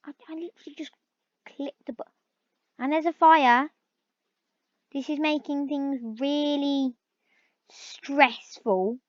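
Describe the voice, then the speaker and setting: A woman's voice: high voice, fairly even intonation, slow, pauses often, dry recording. A woman giving casual gameplay commentary, chatting to in-game animals and breaking into surprised exclaims. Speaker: gaming video host. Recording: dull lo-fi recording, dry.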